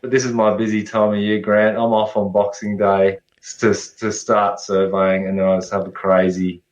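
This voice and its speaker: A man talking as a guest researcher in a relaxed, friendly, plain-spoken way. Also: on the low side, normal speed, echoey room, highs cut off. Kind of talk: casual interview chat.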